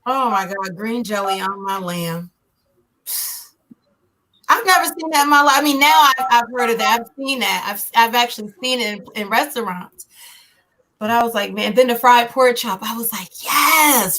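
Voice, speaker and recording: A woman's voice: a little high, lively intonation, moderate pace, bright, forceful tone, slight background noise. A woman in her thirties telling stories in a casual chat, acting out her own reactions with lots of animation. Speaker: podcast host.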